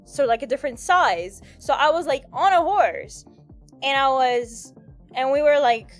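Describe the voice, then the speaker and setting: A woman's voice: high voice, unhurried, soft background music. A woman streaming a game, chatting casually and rambling through stories with lots of fillers and giggles. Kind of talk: casual live-stream chat.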